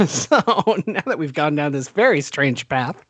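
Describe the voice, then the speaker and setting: A man's voice: fairly high pitch, big pitch swings, unhurried, no room sound. A man co-hosting a podcast, teasing his co-host and laughing often. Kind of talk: casual chat.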